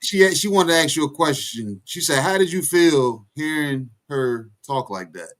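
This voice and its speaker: A man co-hosting a casual talk show, speaking in relaxed, mumbled asides. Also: fairly high pitch, moderate pace. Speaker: podcast co-host. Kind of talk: casual chat.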